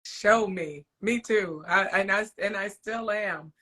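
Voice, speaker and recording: A woman's voice: mid-range voice, takes it slowly, bright, forceful tone. A middle-aged woman interviewing a guest in a casual, chatty way, often laughing.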